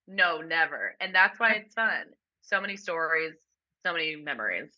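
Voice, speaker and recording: A woman's voice: deep voice, expressive, normal speed. A woman in her twenties co-hosting a casual chat, joking and profane, who slips into silly voices. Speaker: podcast co-host. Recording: dull lo-fi audio.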